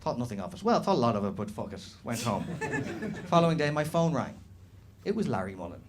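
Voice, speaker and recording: A young Dublin man with a Dublin Irish accent, doing animated, sweary, self-mocking stand-up storytelling live on stage. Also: medium pitch, a little fast, noisy background. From Dublin, Ireland. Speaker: stand-up comedian. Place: comedy club stage, live audience. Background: faint room ambience, audience laughter.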